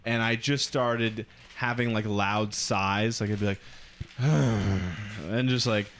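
A man's voice: fairly low pitch, little pitch movement, unhurried, a bit bright, smooth. Rambling man telling a story. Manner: rambling, with many filler words. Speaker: podcast co-host. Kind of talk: casual storytelling chat.

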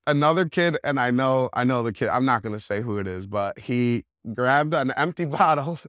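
A man's voice: medium pitch, moderate pace, dry recording, clean studio sound. Young man telling a rambling story. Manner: animated, heavy use of "like", laughs while telling. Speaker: podcast guest. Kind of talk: casual storytelling.

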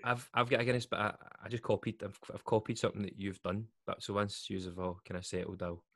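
A man's voice: on the low side, little pitch movement, fast, fairly bright tone. A man co-hosting a podcast, jokey and self-mocking, often stammering and restarting his sentences. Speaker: podcast co-host. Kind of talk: casual podcast chat.

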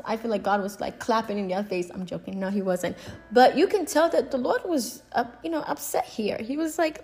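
A woman's voice: fairly high pitch, lively intonation, normal speed, a little mellow, husky, soft background music. A woman teaching a Bible study, reading scripture and paraphrasing it expressively in casual speech.

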